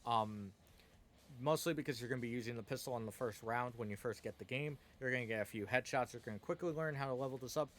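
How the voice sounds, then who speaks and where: A man talks through a game tier list in a relaxed, conversational way at a mid-range pitch, speaking into a desk microphone. He pads his points with "uh" and "um" as he goes. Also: slight background noise. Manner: conversational, frequent "uh" and "um" fillers. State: hiccuping. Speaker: gaming video host. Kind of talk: casual spoken tier list commentary.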